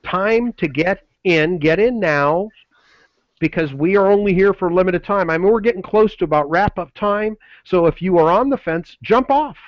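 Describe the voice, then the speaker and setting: High-voiced pushy male sales pitcher. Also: normal speed, dry recording, highs cut off. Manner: pushy motivational, repetitive slogans. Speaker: webinar co-host.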